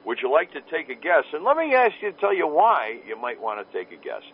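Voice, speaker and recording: A man's voice: on the high side, huge pitch swings, a little fast, breathy edge. A man running a ham radio net as its control operator, chatting in a jokey, folksy way with radio lingo. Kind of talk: casual radio net chat. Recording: dull lo-fi radio audio with faint noise.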